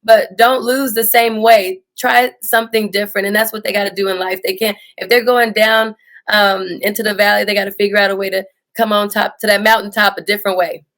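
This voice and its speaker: A woman in her thirties with a Houston accent, a high school tennis coach answering interview questions earnestly, with many "you know"s and "um"s. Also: fairly even intonation, brisk, a bit bright.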